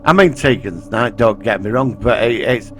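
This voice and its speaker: A man, co-hosting a casual podcast chat, blunt and opinionated and quick to swear. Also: lowish voice, fairly bright tone, a little hiss or hum. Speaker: podcast co-host.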